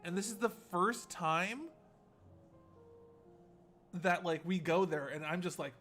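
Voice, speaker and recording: A young man streaming a game, excitably chatting and laughing often as he gushes over cutscenes. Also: sits high, takes it slowly, pauses often, faint music behind. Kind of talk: casual gameplay commentary.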